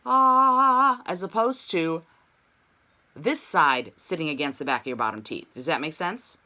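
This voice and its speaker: Bright-voiced woman teaching singing online. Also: deep voice, sing-song, moderate pace. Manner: demonstrates sung syllables between explanations. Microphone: video call.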